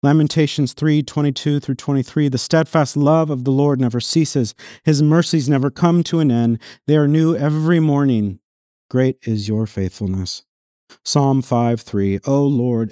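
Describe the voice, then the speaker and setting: A man preaching a sermon as pastor, reading scripture aloud in an earnest voice that swells on emphatic lines and drops low and quiet on solemn ones. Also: normal speed, no echo, clean studio sound. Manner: reads scripture passages aloud within the sermon.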